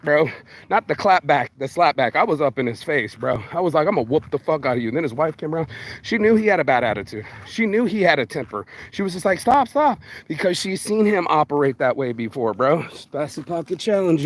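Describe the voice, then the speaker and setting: A man vlogging outdoors while picking up litter, ranting bluntly and profanely in streetwise slang, calling everyone bro. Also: fairly high pitch. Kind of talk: ranting walk-and-talk vlog.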